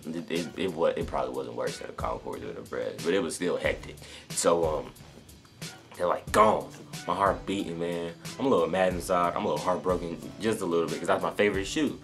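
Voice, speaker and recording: Speaking a little fast, a young North Carolina sneaker vlogger tells a long story to camera in a low, deep voice with a fairly bright tone. Faint music plays in the background as he rambles along, restarting sentences and relying on fillers.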